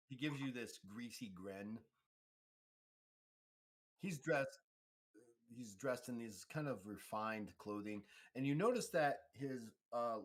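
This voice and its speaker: A man narrating as game master of a tabletop role-playing game, rambling with many fillers and restarts. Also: on the low side.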